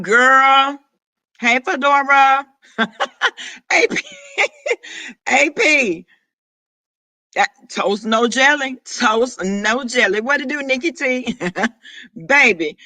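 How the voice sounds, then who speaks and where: High, sassy man chatting to his viewers. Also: lively intonation, sharp tone, no echo. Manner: sassy, profane, chatty, quick asides to viewers. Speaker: vlogger greeting live chat. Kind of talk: casual live-stream chat.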